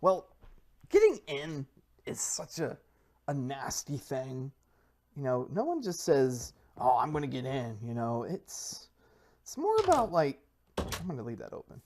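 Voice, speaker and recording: A man's voice: big pitch swings, a little slow, long pauses, a little mellow. A man giving playful gameplay commentary, rambling and self-mocking as he hypes his plans like a salesman. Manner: mock sales-pitch hype, rambling with restarts. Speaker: Minecraft server player and video creator.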